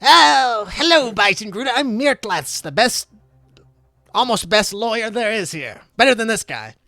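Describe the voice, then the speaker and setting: A cocky lawyer voiced by a man who brags at a raised pitch and leans hard on his questions. His voice rides higher and louder than a plain speaking voice, and every line sounds self-satisfied. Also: very animated, unhurried, dry recording, heavily acted. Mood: boastful. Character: boastful, smug male lawyer.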